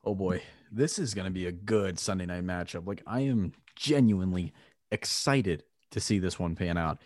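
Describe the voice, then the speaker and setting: A man's voice: low voice, normal speed, a little mellow, dry recording, clean studio sound. A man on a sports talk panel, hesitant and full of ums, but eager about his picks. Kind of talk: casual sports chat.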